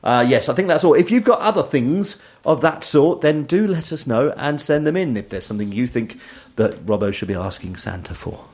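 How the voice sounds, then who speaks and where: A man's voice: medium pitch, animated, normal speed, few pauses, darkish tone. A married man hosting a fan radio show, joking and laughing as he reads out listener messages. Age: adult, married. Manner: jokey, laughs often while reading listener messages. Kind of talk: casual chat.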